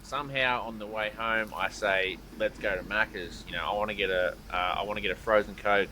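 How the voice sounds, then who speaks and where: A man's voice: lowish voice, steady tone, brisk, bright, forceful tone, slight background noise, low-quality recording. An Australian man co-hosting a podcast, telling a crude story in casual chat, swearing freely and laughing as he goes. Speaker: podcast co-host.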